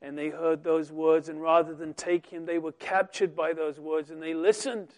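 A man preaching a sermon, reading scripture aloud and swelling loud and slow on the quoted lines. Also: fairly high pitch, steady tone.

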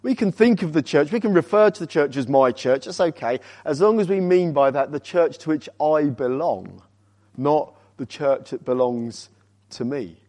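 A man preaching a sermon as a visiting speaker, urging the congregation with rhetorical questions and swinging from loud emphasis to quiet, weighty words. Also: fairly high pitch, animated, normal speed.

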